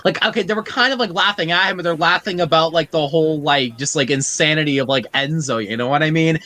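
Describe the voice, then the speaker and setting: Guy on a panel going like, like, like nonstop, bright voice, slightly high. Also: fast talker. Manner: says like constantly. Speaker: panel guest. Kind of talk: casual group chat.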